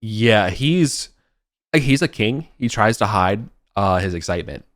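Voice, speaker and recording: Low-voiced guy running a tabletop game, dry close sound, lots of um and like. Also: animated, a little slow, a bit bright, no echo. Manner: rambling, many fillers and restarts. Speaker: game master.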